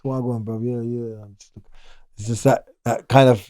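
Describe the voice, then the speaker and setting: A man's voice: mid-range voice, level tone, a little fast, dark tone, no echo, studio quality. A middle-aged man, talking casually as an interview guest, rambling and restarting his sentences. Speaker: guest, former prisoner.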